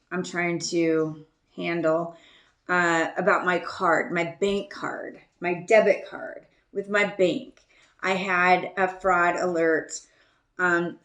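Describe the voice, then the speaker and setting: Her voice sits lowish and a bit bright, with a roomy sound, as this podcast host tells a casual story. She's chatty and self-deprecating, laughing a lot and letting sentences fade into ums.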